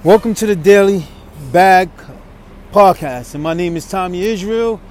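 A man's voice: high voice, unhurried, darkish tone. A man from New York City with a New York accent hosts his podcast while walking a city street. He talks with emotion in street slang and repeats his phrases. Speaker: podcast host. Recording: faint street noise outdoors. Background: street traffic noise.

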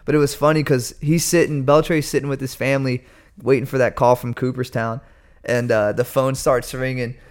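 A man's voice: mid-range voice, moderate pace. Joking young man chatting casually. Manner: animated storytelling, jokey. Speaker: podcast co-host. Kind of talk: casual chat.

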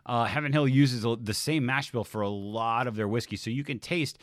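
A podcast co-host chats casually in a medium-pitched voice at a moderate pace, laid-back and swearing freely. The recording is dry and studio quality.

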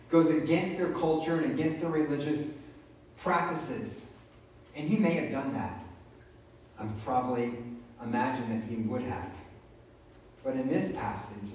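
A man's voice: mid-range voice, normal speed, darkish tone, slight background noise. Male pastor, casual preaching manner, recorded from afar in a strongly reverberant room. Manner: conversational, retelling scripture in his own words. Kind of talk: sermon. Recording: very echoey room, voice from a distance.

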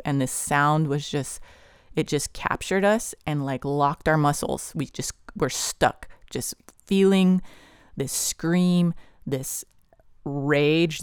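Earnest podcast host with a smooth voice. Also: mid-range voice, dry recording, studio quality. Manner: earnest, vivid, with frequent "like" fillers. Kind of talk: personal testimony storytelling.

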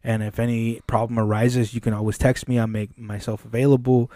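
A man telling a long story in casual podcast chat, animated and swearing often, acting out the dialogue. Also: mid-range voice, brisk, no echo, clean studio sound. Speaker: podcast co-host. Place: podcast studio.

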